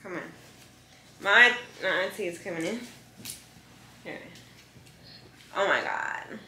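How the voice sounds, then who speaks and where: Speaking slowly in a lowish voice, this young female vlogger chats casually to camera from an echoey home room with a bit of background noise. Her manner is friendly and talkative, and she gently coaxes her dog.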